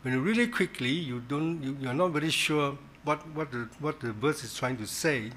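A man leading a Bible study in a church, teaching in a halting way, repeating words and stressing key words. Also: fairly high pitch, lively intonation, fairly bright tone, a little hiss or hum.

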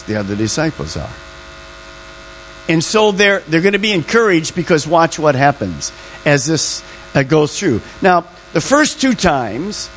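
A pastor preaching with emphatic, drawn-out words and a voice that swoops up and down. A faint electrical hum sits under the recording. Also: male voice, on the high side, rough recording. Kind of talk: sermon.

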